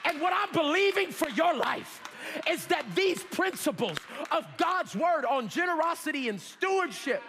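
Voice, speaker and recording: A man preaching a fervent sermon, calling on the congregation to repeat after him and rising to shouts. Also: extremely high pitch, big pitch swings, brisk. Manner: fervent preaching with call-and-response, shouting at peaks. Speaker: pastor. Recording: long hall reverb.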